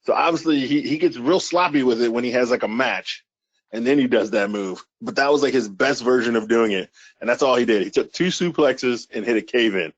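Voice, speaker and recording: A man co-hosting a casual podcast in a middle-pitched voice, rambling along and swearing freely as he recaps. The sound is dull and lo-fi. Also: fairly quick. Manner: rambling, profane, recaps with quoted bits. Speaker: podcast co-host.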